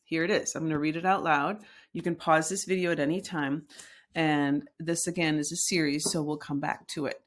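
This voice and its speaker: A woman teaching a recorded Spanish lesson, explaining patiently and slowly with frequent fillers. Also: low-pitched, fairly even intonation.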